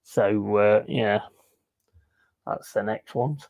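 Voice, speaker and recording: A man's voice: fairly low pitch, slow pace, gravelly, a little mellow, dry recording. A man telling crude, blunt stories in a casual chat while streaming a game. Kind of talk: casual sweary storytelling while gaming.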